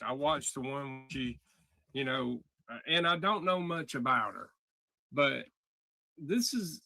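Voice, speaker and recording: A man's voice: on the high side, creaky, pushed and bright, dry recording. A man hosting a livestream, talking bluntly and heatedly with plenty of swearing. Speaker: livestream host. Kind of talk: casual livestream commentary.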